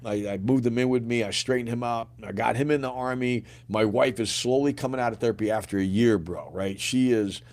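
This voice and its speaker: A man's voice: mid-range voice, fairly quick, few pauses, darkish tone. A middle-aged man from the United States, a podcast guest telling a painful personal story in a blunt, casual way full of slang and swearing. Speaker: podcast guest, grieving father.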